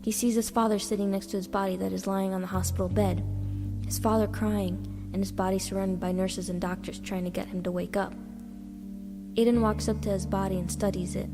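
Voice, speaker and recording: Woman reading her short story, steady and plain, echoey room, music playing under. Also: mid-range voice, brisk. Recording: reverberant with background music.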